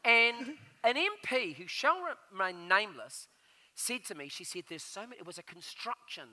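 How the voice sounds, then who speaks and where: Male NZ-raconteur on a live stage, very high and bright, does all the voices. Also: normal speed. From New Zealand. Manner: animated, acts out the voices of people in his stories. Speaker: guest storyteller.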